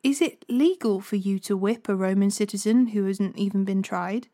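A woman's voice: mid-range voice, normal speed, mellow, natural voice. A woman voicing the apostle Paul, a steadfast man on trial, in a plain reading voice. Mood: calm. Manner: read plainly in her own voice.

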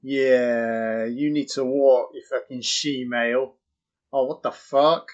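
Man, slow swearing film commentary, dull lo-fi sound. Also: medium pitch. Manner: profane, excitable, mocking. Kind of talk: crude live movie commentary. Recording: dull lo-fi audio.

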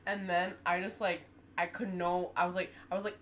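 A woman's voice: fairly low pitch, fairly quick, a little hiss or hum. A woman in her twenties, co-hosting a podcast, telling stories in a casual chat and laughing often. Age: 20s. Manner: animated storyteller who laughs often. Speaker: podcast co-host.

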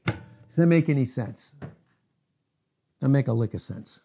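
A middle-aged man preaching a sermon as pastor, emphatic, asking rhetorical questions and swinging from loud to hushed. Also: mid-range voice, lively intonation, measured pace, long pauses, breathy edge.

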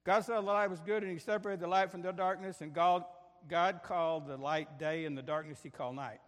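Folksy preacher in a reverberant hall. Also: male voice, a little high, fairly even intonation, brisk. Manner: folksy, many fillers and restarts. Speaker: pastor. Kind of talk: sermon with prayer and storytelling. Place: church sanctuary.

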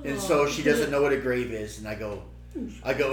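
A middle-aged man telling a story in casual chat, lively and acting out the quotes. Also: mid-range voice, moderate pace, soft background music. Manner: animated, acts out quotes. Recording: roomy room echo with faint hum.

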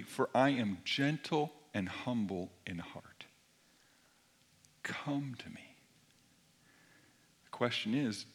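A middle-aged man preaching a sermon, moving between soft near-whispered lines and forceful emphatic passages. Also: medium pitch. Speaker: pastor.

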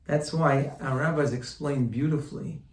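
A man's voice: medium pitch, steady tone, normal speed. Man teaching Torah, echoey and far. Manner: rhetorical questions, repeats phrases for emphasis; quotes Hebrew texts, then translates. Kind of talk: sermon-style Torah lesson.

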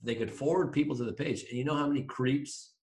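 A man's voice: mid-range voice, fast, a little mellow. A man co-hosting a podcast in casual chat, teasing and cracking jokes. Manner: teasing, wisecracking. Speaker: podcast co-host.

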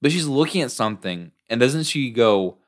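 A man's voice: medium pitch, expressive, moderate pace. A man in casual podcast chat, recapping scenes in a rambling way full of filler words.

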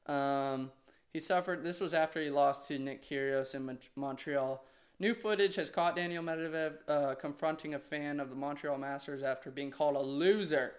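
A young man with a slightly higher-than-average voice, co-hosting a relaxed podcast chat. He reads news snippets aloud between easygoing banter and laughs often. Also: normal speed. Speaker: podcast co-host. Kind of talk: casual chat.

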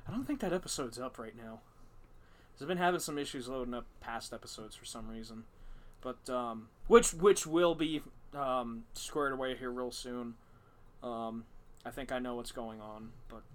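A rambling, cursing podcast host man. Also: medium pitch. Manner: rambling, profane, many fillers and restarts. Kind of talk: casual storytelling chat.

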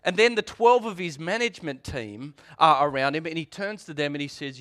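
A man, preaching a sermon in a conversational, animated way. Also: on the high side, a little fast, hardly any pauses. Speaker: pastor.

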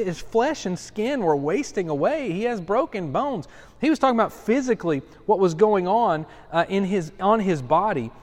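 A man in his thirties, a pastor teaching a Bible study in a conversational, self-deprecating way with frequent restarts. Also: sits high. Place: church study. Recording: long hall reverb.

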